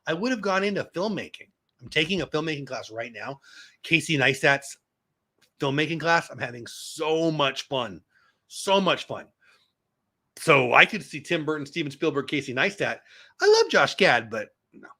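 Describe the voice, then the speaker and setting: A man in his fifties talking casually to viewers on a live stream, answering comments as they come in. His voice sits a little high for a man, with a bright, forward edge and a lively pitch that swings widely when something excites him. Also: moderate pace. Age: 50s. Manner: animated, excitable, talks back to chat. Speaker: vlogger hosting a live stream.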